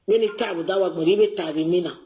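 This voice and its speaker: High-voiced man in a played clip. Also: racing, a little mellow. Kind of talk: recorded clip played for reaction.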